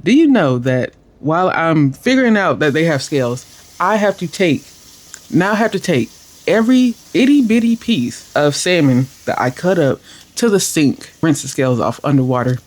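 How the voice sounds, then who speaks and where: A young woman telling a cooking mishap in casual voice-over, animated, exasperated and poking fun at herself. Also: deep voice, normal speed. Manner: animated and exasperated, self-deprecating. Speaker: cooking vlogger.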